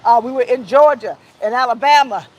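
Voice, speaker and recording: A woman's voice: on the high side, fairly quick, rough recording. A woman speaking at a press conference who leads the crowd in call-and-response chants and draws out her key words. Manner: rousing, leads chants and shouts slogans. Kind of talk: rally speech with call-and-response.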